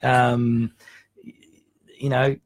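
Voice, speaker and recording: A man's voice: mid-range voice, flat delivery, very slow, no echo. A man hosting a casual radio talk show in a chatty, joking way.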